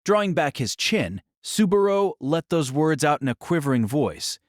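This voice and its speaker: Male audiobook narrator, dramatic and lively, fairly high voice, dry studio read. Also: normal speed, dry recording. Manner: dramatic, expressive storytelling.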